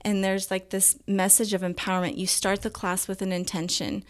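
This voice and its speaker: An interview guest, a woman with a mid-range voice talking at normal speed, tells a personal story casually. Her telling is animated, and she voices the dialogue she quotes as if acting it.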